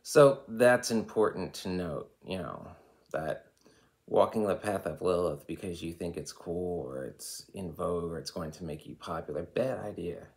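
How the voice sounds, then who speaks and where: A man's voice: sits low, normal speed, creaky, a little mellow. An American man in his thirties hosting an occult channel, giving a rambling, opinionated spiritual monologue full of "you know.".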